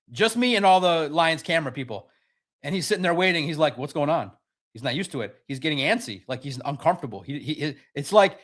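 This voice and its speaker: A man's voice: high-pitched, fairly bright tone. A man hosting a sports podcast, talking casually and with animation, slipping into mocking impressions of others.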